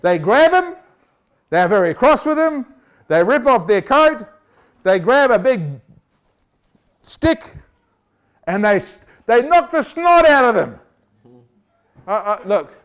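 A man preaching with a bright, high-set voice that stays clean and clear. He delivers the sermon in an animated, playful way, teasing his listeners and acting out little scenes. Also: slow, long pauses. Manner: animated, jokey, acts out voices. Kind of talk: lively sermon.

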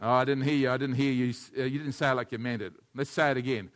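A man preaching a sermon as a pastor, animated and leading his congregation in call-and-response. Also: mid-range voice, quick pace.

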